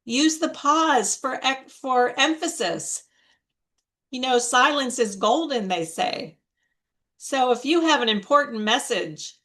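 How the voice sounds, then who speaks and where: Slow, deliberate woman giving a motivational talk. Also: fairly high pitch, fairly bright tone. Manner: slow, deliberate, emphatic delivery. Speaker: featured speaker, coach. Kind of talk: motivational talk on public speaking. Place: online video meeting. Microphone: video call.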